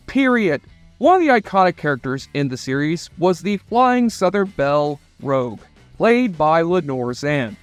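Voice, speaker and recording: A man's voice: sits high, very animated, measured pace, no echo, faint music behind. A man narrating a scripted nostalgia video in a chatty, enthusiastic fan manner.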